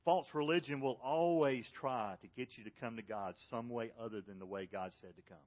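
A man's voice: mid-range voice, a little fast. A male pastor, preaching a sermon and asking rhetorical questions. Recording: dull lo-fi audio.

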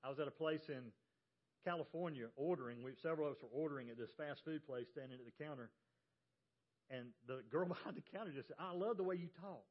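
A man's voice: mid-range voice, fast talker. A man from the American South with a Southern accent, preaching a sermon as pastor and telling folksy stories with emphasis. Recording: dull lo-fi church audio.

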